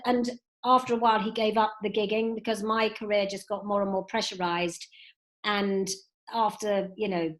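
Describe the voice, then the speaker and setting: A woman in her fifties, a guest telling lively stories with many "you know"s over a video call from home. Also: mid-range voice. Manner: animated storytelling with frequent "you know". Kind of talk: recorded video call interview. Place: at home indoors.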